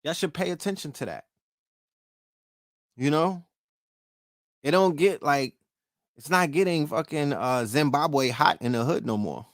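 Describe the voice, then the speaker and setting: A man's voice: a little high, unhurried, pauses often, no echo, studio quality. A middle-aged man with a New York accent hosting a casual show, talking profanely and throwing questions at his listeners. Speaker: podcast host. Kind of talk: casual livestream talk.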